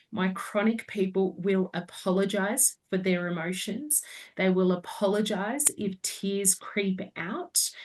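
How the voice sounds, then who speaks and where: A woman in her forties speaks earnestly as a podcast guest, explaining at length from her own practice. Her pitch sits in a mid range. She is heard from a little way off the mic. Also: a little mellow. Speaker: naturopath guest. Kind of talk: casual podcast chat. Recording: voice a bit distant from the mic.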